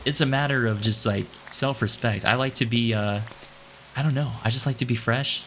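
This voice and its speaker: A man casually commenting on his own gameplay, chatty and playful, thinking out loud and jumping up in pitch when excited. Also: moderate pace, slight background noise. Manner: chatty and playful, calls himself "your boy". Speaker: gaming channel host.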